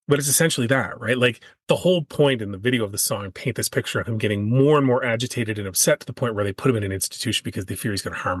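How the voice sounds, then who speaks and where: A man hosting a parenting podcast, telling stories in a casual way and getting animated when he quotes other people. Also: mid-range voice, slightly rough, no room sound, studio quality. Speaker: podcast host and father. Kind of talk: casual conversational chat.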